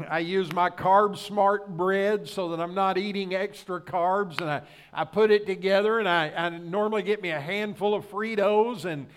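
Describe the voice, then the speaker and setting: A man's voice: sits high, moderate pace, clear, resonant tone. A middle-aged man preaching a sermon, telling a homely personal story in a folksy way and asking the congregation rhetorical questions. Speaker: pastor.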